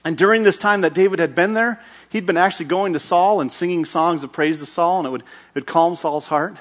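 A man preaching a sermon, retelling a Bible story with acted-out voices, shouts and sound effects. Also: high voice, brisk. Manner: lively, acts out characters with shouts and sound effects.

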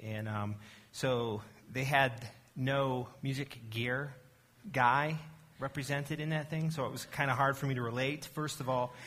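A man speaking to a church congregation in a loose, chatty way, stopping for fillers and starting sentences over. His pitch sits in an ordinary middle range for a man, and his tone is relaxed and self-deprecating rather than preachy. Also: unhurried. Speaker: church arts director giving a message. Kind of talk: casual sermon talk.

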